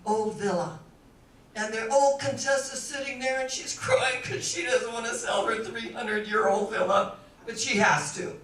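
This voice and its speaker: A woman minister telling a story in a sermon, animated and playful. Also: fairly high pitch. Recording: echoey room, distant mic, faint noise.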